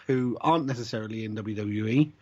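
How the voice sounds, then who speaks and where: A man co-hosting a casual chat, measured and dryly teasing. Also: fairly low pitch, muffled recording. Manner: measured, dry teasing, chuckles. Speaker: podcast co-host.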